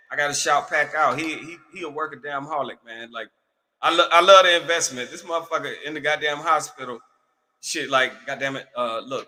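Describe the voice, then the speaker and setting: Bright-voiced profane male show host. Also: on the high side, long reverb tail, poor audio. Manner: loose, profane, talks straight to listeners. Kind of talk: casual talk show commentary.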